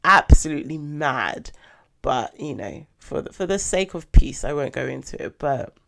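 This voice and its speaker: A young woman hosting a podcast, chatting in a lively, animated way with sudden excited bursts. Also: deep voice, normal speed, vocal fry. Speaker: podcast host. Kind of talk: casual podcast chat.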